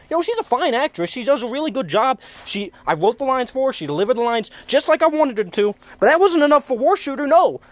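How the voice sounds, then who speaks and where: A man's voice: very high voice, no echo. A young man giving a comedic rant to camera, stammering and repeating himself, worked up, swearing and exasperated. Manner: stammering, frequently repeating words. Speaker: comedy web video creator.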